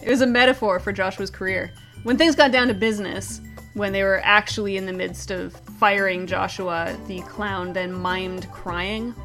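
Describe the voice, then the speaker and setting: A woman co-hosting a comedy show, reading out odd news stories in a brisk, wry, joking way. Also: mid-range voice, steady tone, fairly bright tone, faint music behind. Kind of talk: scripted comedic news chat.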